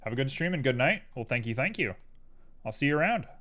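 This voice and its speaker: A man's voice: mid-range voice, fast. A young man streaming live while he works on a 3D model, chatting casually and wandering off on tangents. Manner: rambling, tangential, animated. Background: keyboard clicks and typing.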